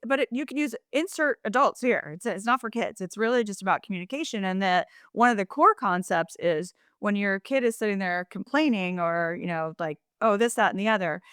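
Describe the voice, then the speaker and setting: A woman co-hosts a podcast in an easy, talkative chat, often restarting her sentences. She slips into quoted phrases as if acting them out. Her voice sits in a middle pitch, and the sound is dry with no room echo. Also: moderate pace, clear, resonant tone. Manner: animated, acts out quoted phrases in shifting voices; talkative, frequent restarts and asides. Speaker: podcast co-host. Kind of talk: casual chat.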